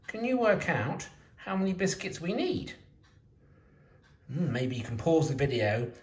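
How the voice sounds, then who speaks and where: A man teacher asking young children maths quiz questions in a slow, sing-song way. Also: medium pitch. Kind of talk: early years maths quiz video. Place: home kitchen. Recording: roomy echo.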